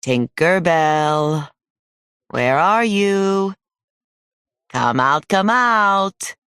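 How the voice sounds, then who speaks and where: A man putting on a falsely gentle hunter, coaxing softly. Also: a little high, lively intonation, clean tone, no room sound, clean studio sound, voice pushed up, exaggerated voice. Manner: coaxing, slow and sweet-talking. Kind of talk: audiobook character reading.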